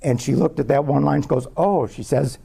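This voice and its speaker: A man, a scientist, giving a public talk as a measured personal story about his research. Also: medium pitch, steady tone, gravelly, mellow, slightly rough. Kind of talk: lecture told as a personal story.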